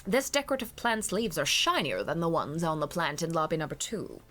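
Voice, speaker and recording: A woman's voice: sits low, animated, brisk, pushed and bright, a little hiss or hum. A woman reading the lines of a formal, aloof male prosecutor in a dry tone from a game. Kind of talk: reading game dialogue aloud.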